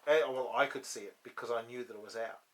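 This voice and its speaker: In a podcast studio, a man speaking quickly in a mid-range voice hosts a casual chat on a studio microphone. He rambles, with many restarts and ums.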